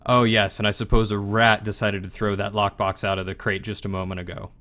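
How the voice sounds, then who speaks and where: A man doing a deep-voiced sly orc. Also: level tone, sharp tone. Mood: amused. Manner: smirking, measured. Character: tall sly male orc recruiter, calm and confident.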